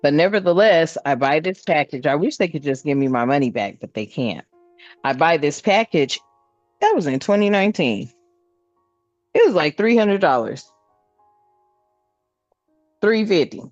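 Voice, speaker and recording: Casual spiritual reader, woman, lowish voice, quick to laugh, close dry sound. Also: expressive, dry recording, dull audio, soft background music. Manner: laughs a lot, talks to viewers as family. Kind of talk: casual spiritual card reading.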